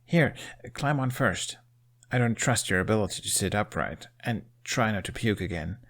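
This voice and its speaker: A caring young Viking man, read by a man in a fan audiobook. He speaks gently and with quiet concern. The voice sits low and unforced. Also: animated, moderate pace. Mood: concerned gentle. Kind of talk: fan audiobook character reading.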